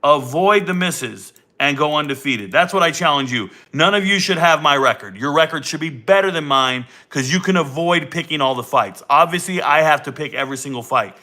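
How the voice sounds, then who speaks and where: Brash, joking male streamer; bright, slightly high voice on a desk mic. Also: a little fast, few pauses. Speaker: sports betting streamer. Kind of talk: casual livestream chat.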